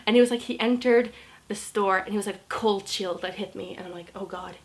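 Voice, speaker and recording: A woman's voice: medium pitch, brisk. Chatty Norwegian woman in her twenties. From Norway. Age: 20s. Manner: chatty, animated, laughs often, many "like"s. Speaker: vlogger. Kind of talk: casual storytelling to camera.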